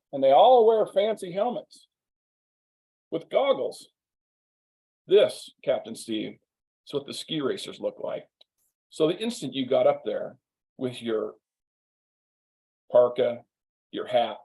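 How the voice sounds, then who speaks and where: A man's voice: medium pitch, creaky, dark tone, low-quality recording. A man giving a humorous keynote talk that builds from a story into a business point. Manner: humorous, anecdotal, conversational. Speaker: keynote speaker. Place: virtual showcase, remote.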